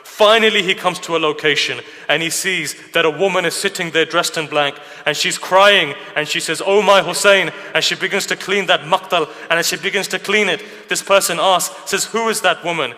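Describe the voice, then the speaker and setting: A man's voice: fairly high pitch, normal speed, hardly any pauses, pushed and bright. A man delivering a narrative sermon at a mourning gathering, telling the story with emotion and asking rhetorical questions. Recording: reverberant hall.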